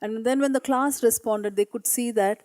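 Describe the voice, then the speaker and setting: A woman's voice: a little high, fairly even intonation, normal speed, darkish tone, dry recording. A woman teacher presenting classroom work at a meeting, earnest and hesitant, reading pupils' writing aloud. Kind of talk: conference presentation. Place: meeting room.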